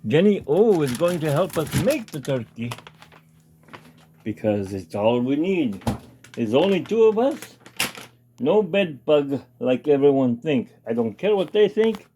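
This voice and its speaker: A man's voice: on the high side, sing-song, measured pace, noisy background. A man hosting his own casual cooking demonstration in a home kitchen, chatting and reading package steps aloud with comments. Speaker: home cooking show host.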